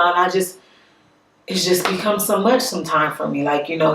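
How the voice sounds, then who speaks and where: Woman, gravelly mid voice, earnest and halting delivery with many restarts; echoey room, mic set back. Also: low-pitched, recorded from a distance, slight background noise. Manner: halting, with frequent restarts and repeated words; earnest and reflective. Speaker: vlogger. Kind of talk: personal vlog talk.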